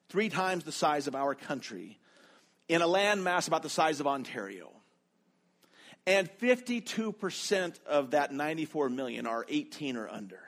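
Animated male pastor telling a story. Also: a little high. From North America. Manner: animated storyteller, voice rising for quoted lines. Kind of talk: sermon storytelling.

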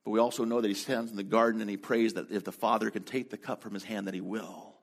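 A man preaching a sermon in a relaxed, conversational storytelling way, with quick asides. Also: lowish voice, vocal fry. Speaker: pastor.

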